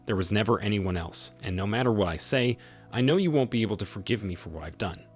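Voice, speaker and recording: A man's voice: fairly low pitch, expressive, fast talker, soft background music, close to an everyday voice. Male reader doing a crying guilty wife, begging, voice choked up. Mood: pleading. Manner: pleading, choked delivery. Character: remorseful tearful adult wife.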